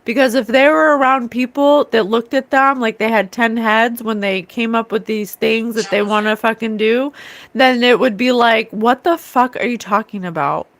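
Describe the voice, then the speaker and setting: A woman hosting a psychic talk show, ranting with scorn in a loose, animated way and often mocking others in sing-song voices. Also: on the high side, moderate pace. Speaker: psychic livestream host. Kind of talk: casual spiritual rant.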